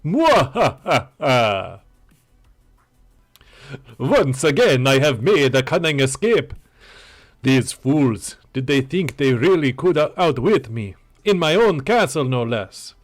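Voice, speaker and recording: Guy putting on a smug villain sorcerer, slooow and swooping, higher than his own voice, music faint behind. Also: very animated. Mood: gloating. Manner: slow, drawn-out gloating. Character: scheming male sorcerer villain, theatrical and smug.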